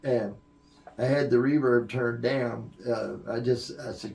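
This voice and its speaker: A man's voice: mid-range voice, fairly even intonation, unhurried, vocal fry, darkish tone, distant mic. An older man, a veteran sound engineer, telling long anecdotes in a podcast interview, rambling with fillers and restarts. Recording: echoey room.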